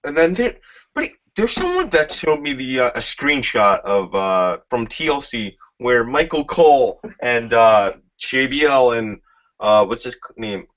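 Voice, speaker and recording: Man, casual co-host; bright edgy tone, loose, profane, rambling; dull low-fi audio. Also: sing-song, measured pace. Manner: profane, rambling, searches for names. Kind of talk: casual chat.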